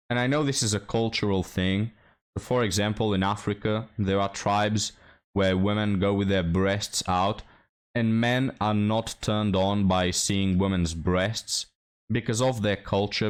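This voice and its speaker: A young man hosting a reaction commentary, sarcastic and mocking, talking straight to his viewers. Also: fairly low pitch. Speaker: commentary host.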